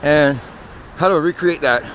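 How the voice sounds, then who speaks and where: A man's voice: on the high side, moderate pace, fairly bright tone. A man telling personal stories in a casual, meandering monologue, often correcting himself and drifting into asides. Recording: outdoor traffic noise.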